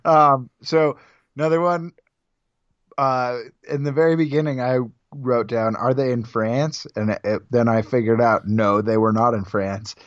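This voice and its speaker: Uomo rilassato, registrazione asciutta e un po' spenta. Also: male voice, medium pitch, measured pace, no echo, dull audio. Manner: relaxed, leads the questions, soft laughs. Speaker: podcast co-host. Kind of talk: casual chat.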